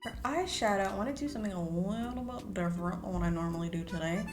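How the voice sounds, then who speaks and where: A woman's voice: mid-range voice, fast talker, roomy sound, over music. Chatty young woman vlogging at home. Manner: chatty and playful, breaks into sing-song bits. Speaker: beauty vlogger. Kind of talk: casual get-ready-with-me chat. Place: home room.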